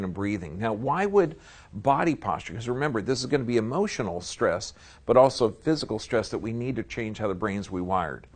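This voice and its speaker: A man giving a live seminar lecture, folksy and emphatic, often checking in with his audience. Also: mid-range voice. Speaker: seminar speaker.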